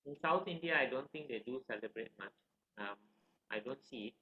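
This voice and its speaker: A man teaching a scripture class, telling a story in an animated, conversational way and asking the listeners questions. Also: medium pitch, a little fast, slight background noise. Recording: roomy, slightly dull recording.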